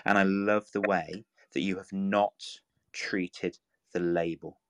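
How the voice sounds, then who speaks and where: A man's voice: sits low, steady tone, slow, a bit bright, no echo. A man giving earnest, encouraging talk in a live audio room, coaxing and repeating himself as he builds his points. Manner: earnest, repetitive, coaxing, full of restarts.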